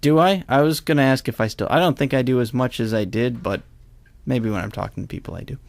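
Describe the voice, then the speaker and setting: A man's voice: medium pitch, quick pace, gravelly, no room sound. A young man hosting a podcast in casual chat, easygoing, laughing often and asking playful questions. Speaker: podcast host.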